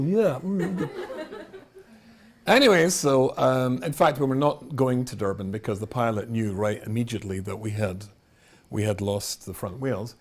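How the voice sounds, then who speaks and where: A man whose voice sits on the low side, a middle-aged rabbi, delivers a humorous storytelling talk full of wry self-mockery and laughs at his own jokes often.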